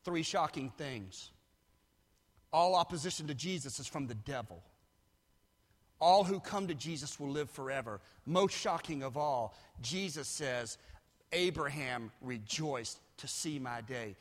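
Pastor guy preaching, high voice, takes his time, big hall echo, goes from hushed to yelling. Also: lively intonation, a little slow. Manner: builds from low asides to shouted climaxes. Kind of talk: sermon. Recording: long hall reverb.

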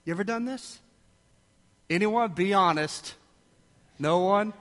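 A man's voice: sits high, animated, unhurried, pauses often, a bit bright. A male preacher giving a sermon, telling stories animatedly and acting out quotes in different voices. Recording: echoey hall.

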